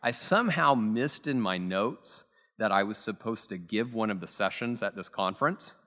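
A man's voice: on the low side, lively intonation, normal speed, a bit bright. A man preaching a sermon as pastor, telling stories in a chatty, self-deprecating way with plenty of fillers. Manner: conversational, self-deprecating storytelling with many fillers. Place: church sanctuary. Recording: long reverb from a church hall.

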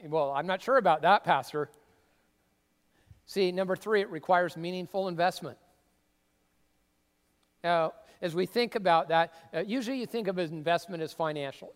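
A man preaching a sermon as a pastor, conversational and emphatic, with sudden bursts of excitement. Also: high voice. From Seattle area. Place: church sanctuary. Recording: long reverb of a church hall.

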